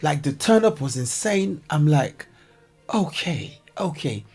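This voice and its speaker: A man giving casual, joking commentary to his viewers, excitable and chatty, calling them guys. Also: a little high, moderate pace, gravelly, faint music behind. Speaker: commentary vlogger.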